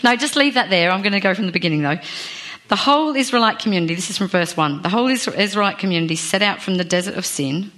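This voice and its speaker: A woman's voice: medium pitch, expressive, fast, a bit bright. A woman preaching a sermon in a chatty, self-deprecating way, asking the congregation questions. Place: church.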